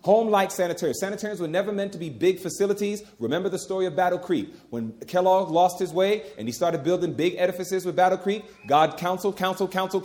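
A man's voice: sits high, darkish tone. A middle-aged man preaching a sermon, emphatic and folksy, repeating key phrases and talking to the crowd as "y'all".

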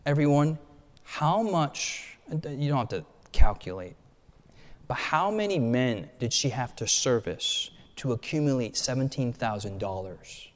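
A man's voice: medium pitch, expressive, unhurried. A male pastor giving a sermon to his congregation in a colloquial, emphatic way, acting out the stories he tells. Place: church sanctuary. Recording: long hall reverb.

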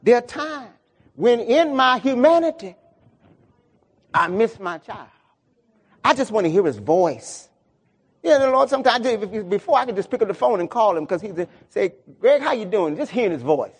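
Middle-aged preacher guy, high voice, swings up and down a lot, fired up. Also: very animated, normal speed, slightly rough. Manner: emotional, repetitive, rising into exclamations. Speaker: pastor. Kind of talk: sermon.

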